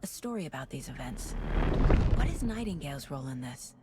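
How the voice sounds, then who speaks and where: An actress voicing a calm, focused woman detective in a video game, speaking in a measured, analytical way. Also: low-pitched, heavy background noise.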